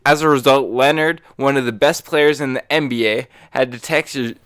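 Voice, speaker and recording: A man co-hosting a casual podcast, reading a news story aloud to his friends and pulling the talk back on topic. His voice is smooth and resonant, with a dry, close sound and a middle pitch. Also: fairly even intonation, normal speed, fairly bright tone, no room sound. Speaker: podcast co-host.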